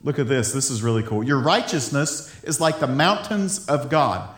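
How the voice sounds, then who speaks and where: A man's voice: medium pitch, expressive, moderate pace, fairly bright tone, roomy sound. A man giving an informal Bible teaching, enthusiastic and laughing often, stumbling over repeated words as he talks.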